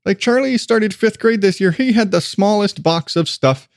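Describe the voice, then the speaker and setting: A man's voice: high-pitched, animated, moderate pace, dry recording, studio quality. A middle-aged man hosting his own podcast, rambling casually and laughing at himself, with frequent swearing. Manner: self-deprecating, swears freely, laughs often. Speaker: podcast host.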